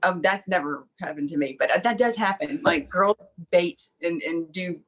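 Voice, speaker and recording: A woman's voice: lowish voice, moderate pace, fairly bright tone, rough recording. A woman co-hosting a casual podcast, chiming in with casual, amused remarks. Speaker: podcast co-host. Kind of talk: casual chat.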